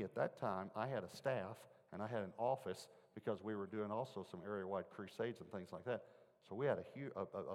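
A man's voice: fairly low pitch, a little mellow. A man preaching a sermon, telling a personal story in an earnest, conversational way and putting questions to his listeners. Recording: long hall reverb.

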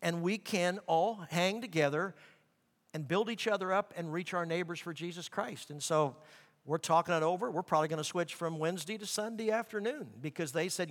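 A middle-aged man preaching a sermon as pastor, animated, acting out quoted voices. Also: high voice, brisk. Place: large church sanctuary. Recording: long reverb of a large hall.

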